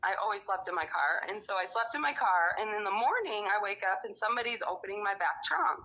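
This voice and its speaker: A woman's voice: mid-range voice, lively intonation, fast talker, sharp tone, slight background noise. A middle-aged woman telling a rambling, angry story in casual conversation, cursing often. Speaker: storyteller recounting her own experiences. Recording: dull lo-fi recording.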